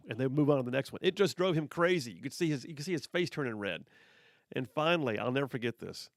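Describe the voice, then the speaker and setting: A man's voice: mid-range voice, animated, fast talker, no echo, studio quality. A middle-aged man hosting a radio talk show, telling stories in a casual, chatty way with many restarts. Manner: chatty, repeats words as he goes. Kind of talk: casual on-air storytelling.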